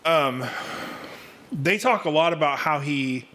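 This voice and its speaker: A man's voice: on the high side, slow, pushed and bright. A man co-hosting a casual podcast, talking bluntly with slang like "dude". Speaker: podcast co-host.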